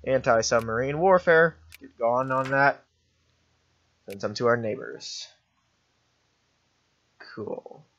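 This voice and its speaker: A man's voice: medium pitch, takes it slowly, long pauses, a bit bright, highs cut off. A young man giving offhand, rambling commentary while playing a strategy game, often correcting himself. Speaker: gaming commentator. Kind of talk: let's play commentary.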